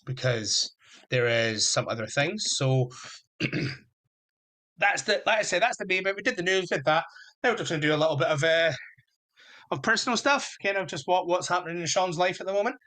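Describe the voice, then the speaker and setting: A man's voice: on the high side, bright, forceful tone. A young adult man hosting a solo podcast, talking in an enthusiastic, rambling fan manner. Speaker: podcast host. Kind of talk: casual solo podcast chat.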